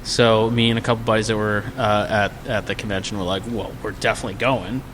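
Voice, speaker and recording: Speaking fast in a lowish voice, this man tells a casual podcast audience about a drunken night at a convention. He animatedly performs the quotes by raising his voice. A slight hiss or hum sits under the audio.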